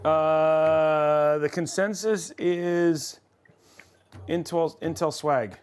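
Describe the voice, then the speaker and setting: A man's voice: on the high side, fairly even intonation, drawn-out words, a little mellow, slight background noise. A man co-hosting a livestream who teases the player with casual banter. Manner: teasing banter from off-mic. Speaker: livestream co-host.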